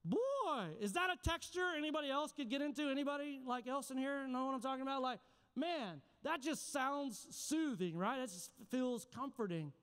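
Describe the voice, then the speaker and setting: A man's voice: very high voice, animated, normal speed, fairly bright tone. A man preaching a sermon as pastor, passionate and dramatic, with many questions to the congregation. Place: church sanctuary. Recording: echoey church hall.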